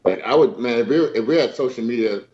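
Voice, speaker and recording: A man in his fifties telling a story in casual chat, animated and laughing as he acts out dialogue with slang. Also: medium pitch, fast talker, muffled recording. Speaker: guest.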